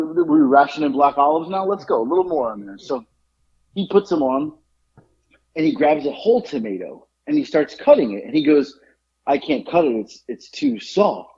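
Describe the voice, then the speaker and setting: Husky man telling an exasperated story. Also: fairly high pitch, very animated, moderate pace, mellow. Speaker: podcast host. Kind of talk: casual chat, storytelling. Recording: dull lo-fi podcast audio.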